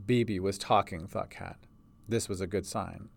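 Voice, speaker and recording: A man's voice: sits low, fairly even intonation, moderate pace, creaky. A man narrating a storybook reading as its writer and producer.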